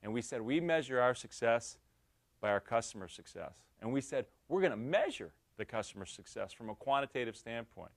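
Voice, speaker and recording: A middle-aged man giving a lecture, telling lively anecdotes and acting out the dialogue, with frequent restarts. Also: mid-range voice, a little fast, gravelly. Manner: lively storytelling, acts out quoted dialogue, many restarts. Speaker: guest speaker.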